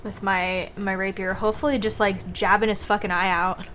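A woman's voice: mid-range voice, little pitch movement, normal speed, a bit bright, a little hiss or hum. A young woman playing a tabletop game, casual and joking, swearing now and then. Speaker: player.

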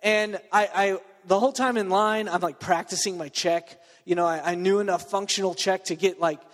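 A man's voice: sits high, fairly even intonation, moderate pace, fairly bright tone, in a large hall. A man preaching a sermon to his church, telling a story with lots of fillers and asides. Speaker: pastor.

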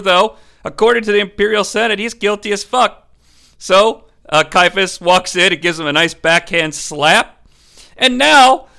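A man's voice: sits high, vocal fry, pushed and bright. A man giving an irreverent, crude, joking recap of a movie as host of a review show.

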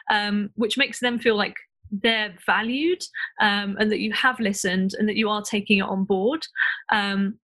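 A woman's voice: mid-range voice, a bit bright. Brief: woman, panel guest, hesitant, um-filled casual advice. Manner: thinking aloud with many ums.

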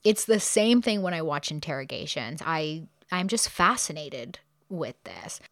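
A woman hosting a podcast, casually retelling a true crime case with quick asides and the odd laugh. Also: low voice, animated, dry recording, clean studio sound. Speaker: podcast host.

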